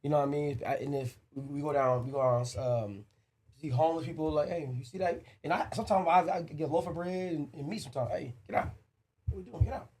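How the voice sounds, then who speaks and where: Man, slightly high voice, quick talker, earnest and emphatic, casual podcast chat. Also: a little mellow. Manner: earnest, emphatic, repeats himself. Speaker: podcast co-host; father of two boys.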